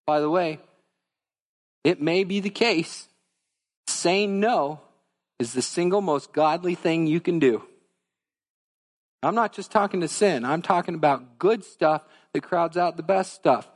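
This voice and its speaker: A man's voice: fairly high pitch, measured pace, long pauses, in a large hall. A man preaching a sermon as pastor, earnest and conversational, speaking directly to his congregation. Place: church sanctuary.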